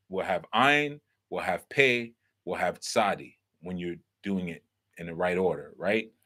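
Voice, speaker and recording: A man's voice: on the low side, fairly bright tone. A man hosting a talk and teaching in a casual, explaining way, posing rhetorical questions and checking in with the listener. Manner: lecturing, asks rhetorical questions, checks in with "right?". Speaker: host and teacher.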